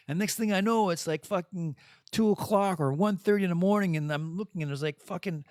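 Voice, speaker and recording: A man's voice: sits high, a little fast, darkish tone, dry recording, clean studio sound. A French-speaking man hosting a podcast, talking candidly and bluntly in a personal monologue and swearing freely. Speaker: podcast host.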